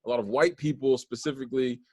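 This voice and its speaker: A man's voice: medium pitch, steady tone, fast talker, darkish tone, no echo. A man hosting a podcast, talking earnestly and at length in a casual, rambling way with many restarts. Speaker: podcast host.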